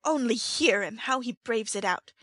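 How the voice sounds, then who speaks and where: A woman voicing a young street woman who pleads loudly and dramatically in a storybook reading. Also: on the high side, lively intonation, normal speed, no room sound. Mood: pleading. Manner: loud, dramatic wailing pleas.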